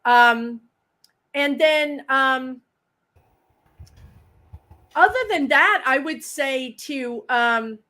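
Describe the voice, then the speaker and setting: A woman speaking as a guest psychic medium in a casual live chat, explaining with everyday examples and lively quoted phrases. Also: sits high, very slow, pauses often.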